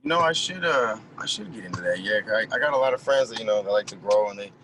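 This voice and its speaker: Laid-back young man, low voice. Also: expressive, fast talker, a bit bright, rough recording. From Merced, California. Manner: laid-back, loose storytelling with frequent laughs and slang. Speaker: podcast guest, music producer. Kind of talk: casual chat.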